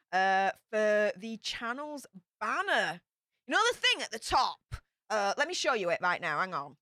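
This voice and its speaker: A woman's voice: high-pitched, bright, forceful tone, no echo, clean studio sound. A young woman, chatting bubbly and rambling as she reads out super chats on her livestream. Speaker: YouTube host.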